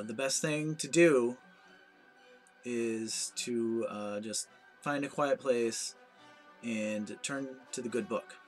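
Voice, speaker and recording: A man's voice: mid-range voice, a bit bright. A man ranting in a comedic vlog monologue, anxious, rambling and self-mocking. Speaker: vlogger.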